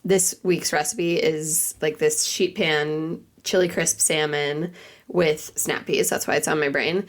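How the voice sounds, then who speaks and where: A woman in her thirties talks casually as a podcast guest. Her voice sits on the low side. She piles up asides and acts out her own thoughts in quotes. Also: fairly even intonation, slow pace. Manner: chatty, lots of "like" and quoted asides. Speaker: cookbook author and newsletter writer.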